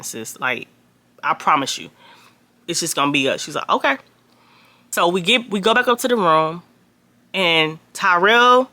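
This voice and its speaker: Bright-voiced woman telling a storytime. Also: fairly low pitch, dry recording. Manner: animated, profane, acts out quoted people in a raised voice. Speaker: storytime vlogger. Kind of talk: casual storytelling.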